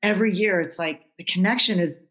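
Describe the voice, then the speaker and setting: A woman's voice: mid-range voice, fairly quick, fairly bright tone. A woman in her forties co-hosting a podcast over a video call, effusive and emotional with a slangy, casual way of talking. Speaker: podcast co-host.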